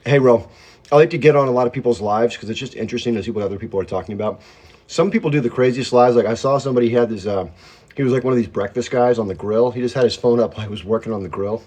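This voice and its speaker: Chewing as he talks, a self-described hyped-up livestream host rambles from home and greets viewers by name as their comments roll in, recorded on a phone. His medium-pitched voice is a little mellow, and his delivery is rapid-fire.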